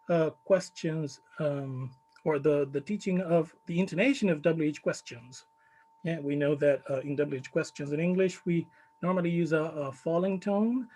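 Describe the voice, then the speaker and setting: High-voiced man presenting research. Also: darkish tone, poor audio. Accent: Chilean Spanish. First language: Spanish. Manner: measured, many fillers, stresses key words. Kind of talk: conference talk.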